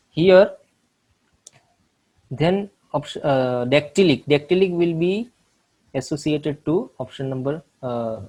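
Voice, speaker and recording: A man from India teaching English literature, walking through exam questions with frequent pauses and fillers, calling his viewers friends. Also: on the high side, darkish tone, poor audio. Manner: slow, halting, many fillers, addresses viewers as friends. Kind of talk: exam solution lecture.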